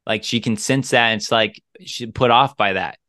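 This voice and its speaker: A man's voice: mid-range voice, moderate pace, pushed and bright, dry recording. Earnest male podcast co-host, dry sound. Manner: earnest, repeats phrases for emphasis. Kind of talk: casual chat.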